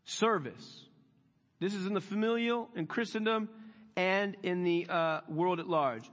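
High-voiced man preaching in a hall. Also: a little slow, a bit bright. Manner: folksy, conversational preaching with emphatic swells. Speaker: pastor. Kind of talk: sermon.

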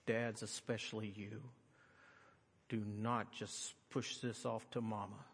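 A middle-aged man preaching a sermon, swinging from loud, high-pitched emphasis to quiet, earnest tones. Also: little pitch movement, slow pace, creaky, husky. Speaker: pastor. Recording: long hall reverb.

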